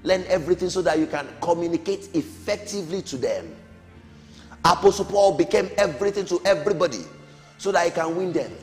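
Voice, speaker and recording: Animated man preaching a lesson. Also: sits high, a little fast. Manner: emphatic, rising calls and falling amens. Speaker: Sunday school teacher. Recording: long hall reverb, faint music.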